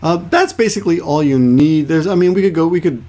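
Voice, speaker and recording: A man's voice: on the high side, expressive, a little fast, warm tone. A man teaching a casual Japanese lesson, explaining word by word, repeating terms and correcting himself as he goes. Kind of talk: casual screen-share lesson.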